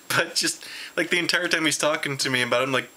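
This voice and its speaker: A tired man at home, rambling excitedly through a casual convention recap with lots of restarts. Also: fast. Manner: jumps high in pitch when retelling his reactions. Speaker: vlogger reviewing a convention.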